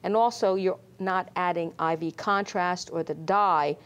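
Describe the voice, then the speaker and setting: Woman doctor with many pauses. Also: fairly low pitch. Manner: measured, many fillers. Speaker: pulmonologist guest. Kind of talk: medical interview.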